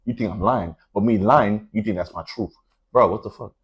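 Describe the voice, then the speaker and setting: A man chatting casually on a podcast, telling a story with lively slang and acting out both sides of an argument. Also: lowish voice, normal speed, slightly rough, rough recording. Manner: street slang, frequent restarts. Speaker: podcast co-host.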